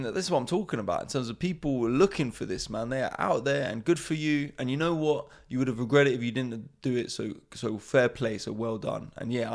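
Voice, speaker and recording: A man's voice: medium pitch, vocal fry. A man, a comedian hosting his podcast in a casual, rambling monologue, swearing freely and mocking himself.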